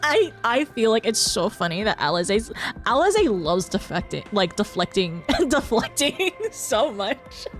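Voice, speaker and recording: A woman streaming a game live, reacting with excited, giggly, emotional commentary. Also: fairly high pitch, measured pace, soft background music.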